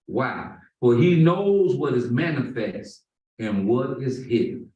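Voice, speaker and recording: A man giving a Friday sermon, emphatic and drawing out key words slowly. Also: medium pitch, lively intonation, dark tone. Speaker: imam. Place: mosque prayer hall. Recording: roomy echo, far from the mic.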